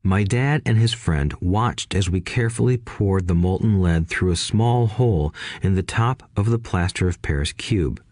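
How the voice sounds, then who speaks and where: A man tells a first-person childhood memoir in a calm, measured audiobook style. His voice is very deep and low. The recording is close and dry, with no room sound. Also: dry recording. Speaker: narrator.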